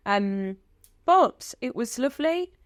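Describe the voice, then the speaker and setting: A woman's voice: a little high, expressive, takes it slowly, no room sound. Chatty British woman, dry studio. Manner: chatty, laughs often, rambling. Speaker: guest singer. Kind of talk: casual interview chat.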